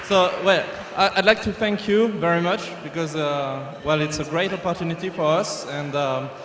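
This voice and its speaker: A man from France with a French accent thanking the audience in halting English. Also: a little high. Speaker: award winner. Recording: echoey hall, faint noise.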